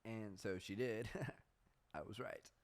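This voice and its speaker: Young male podcast host, lowish voice, loose rambling storyteller who swears freely. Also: fairly even intonation, slow pace. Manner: rambling, swears often, laughs at himself; reads search results aloud. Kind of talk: casual storytelling chat.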